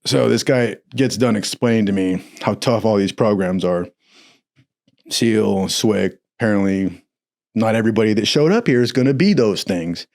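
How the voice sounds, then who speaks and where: A man in casual storytelling, swearing freely, laughing often, and acting out quoted lines in a higher voice. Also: moderate pace, vocal fry, a little mellow. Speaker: podcast storyteller.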